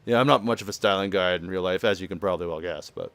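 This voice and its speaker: A man's voice: deep voice, fast, fairly bright tone. A man giving loose, chatty commentary on a game he plays, laughing often and summing up the characters' lines. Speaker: let's play commentator. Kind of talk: casual gameplay commentary.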